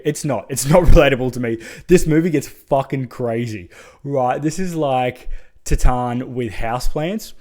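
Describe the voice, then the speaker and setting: A man's voice: mid-range voice, moderate pace, darkish tone. A man giving a casual, enthusiastic spoken review of horror short films, swearing freely and adding chatty asides.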